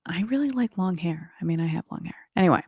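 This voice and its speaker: A woman's voice: lowish voice, animated, fast talker, gravelly, a little mellow, husky, no echo, lo-fi sound. A woman co-hosting a podcast in casual chat, talking with lots of "like" and playful quoted voices. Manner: chatty, says "like" a lot, quotes people in playful voices. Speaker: podcast co-host.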